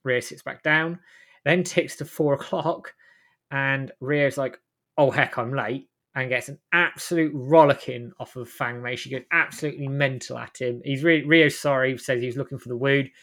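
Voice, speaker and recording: A man hosting a casual chat, walking through a story scene by scene in a loose, rambling way. He stops mid-sentence to correct names and details as he goes. His voice sits at an ordinary middle pitch. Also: steady tone, moderate pace, a bit bright. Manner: rambling, self-correcting plot retelling. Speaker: host recapping a game.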